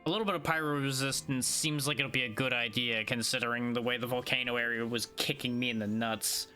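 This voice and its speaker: A man's voice: medium pitch, fairly even intonation, a little fast, bright, forceful tone, soft background music. A tired man streaming a video game, casually thinking aloud as he plays. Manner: laid-back, sleepy, thinking aloud. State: tired, yawning. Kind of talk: casual gameplay commentary.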